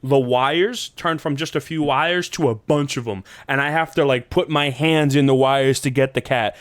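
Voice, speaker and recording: A man on a podcast tells a rambling dream story in a smooth, clear voice. He swears freely, laughs often, and jumps up in pitch whenever he acts out what someone said. The sound is dry and close, with no room echo. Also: normal speed. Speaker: podcast host. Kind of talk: casual chat, telling a dream story.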